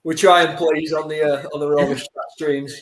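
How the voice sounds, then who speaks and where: A man with a slightly raised pitch chats on a live football stream, prone to eager outbursts. His voice carries a roomy echo. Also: a little fast, crowd noise. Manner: excited exclamations. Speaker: co-host of a fan watchalong stream. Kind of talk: casual match chat.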